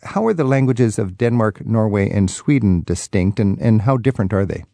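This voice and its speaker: A man's voice: on the low side, lively intonation, fairly quick, vocal fry, dark tone, no echo. A man hosting a talk show panel, asking questions in a conversational, lightly teasing way. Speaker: radio talk show host.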